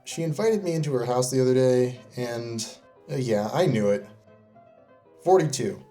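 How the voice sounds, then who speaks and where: A man giving comedic scripted narration as a game reviewer, sarcastic and deadpan. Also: mid-range voice, moderate pace, soft background music. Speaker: video creator reviewing game companions.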